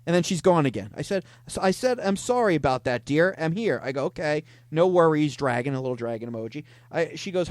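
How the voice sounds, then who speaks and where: This is a man hosting a comedy show who reads chat logs aloud with a playful, mock-dramatic flair. His voice sits fairly high and swoops up and down a lot. The sound is dry and close to the mic. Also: expressive, a little fast, hardly any pauses, darkish tone, no room sound. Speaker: podcast host reading scam chats. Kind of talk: comic storytelling, reading chat logs aloud.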